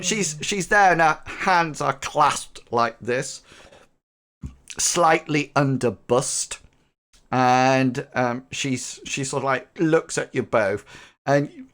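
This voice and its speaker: A man's voice: on the high side, a bit bright. A man narrating as game master for a tabletop game, rambling with lots of ums and likes. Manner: rambling, filler-heavy, laughs easily.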